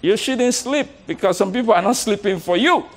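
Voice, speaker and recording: A man giving a motivational talk to a live audience as a coach. He is animated, laughs often, repeats words and coaxes the crowd to join in. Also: high voice, a little fast.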